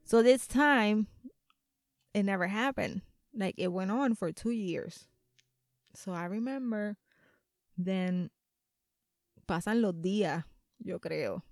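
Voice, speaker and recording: Animated, profane woman telling a story. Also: medium pitch, slow pace, pauses often, dry recording, studio quality. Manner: animated, profane, laughs often. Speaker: podcast co-host. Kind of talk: casual storytelling chat.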